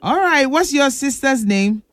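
A woman's voice: high voice, expressive, unhurried. A woman hosting a children's radio call-in show, playful and teasing, laughing often and calling the callers pet names. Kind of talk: lively radio call-in chat.

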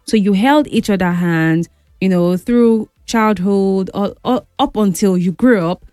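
A young woman telling a story in a chatty, animated, dramatic way. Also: medium pitch, a little slow, dry recording, studio quality, faint music behind. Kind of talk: casual storytelling to camera.

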